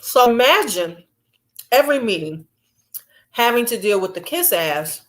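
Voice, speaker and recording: A woman chatting casually to her camera at home late at night, blunt and quick to laugh, acting out her coworkers as she goes. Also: a little high, big pitch swings. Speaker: vlogger. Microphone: camera mic.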